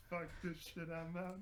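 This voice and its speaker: A man's voice: a little high, low-quality recording. Guy playing a tabletop game, kinda hesitant, bit of hiss behind. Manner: hesitant, trailing off with fillers. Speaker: player. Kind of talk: casual tabletop play.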